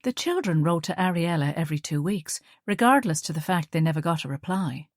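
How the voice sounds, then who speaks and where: Woman audiobook narrator, low-ish voice, dry close studio sound, measured. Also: expressive, dry recording. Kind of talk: scripted narration.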